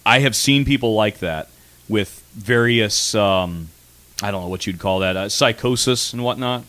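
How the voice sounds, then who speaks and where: A man's voice: fairly low pitch, unhurried, a bit bright. A man hosting a radio comedy show, chatting in a crude, mocking, rambling way with lots of restarts. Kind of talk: casual comedic chat. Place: radio studio.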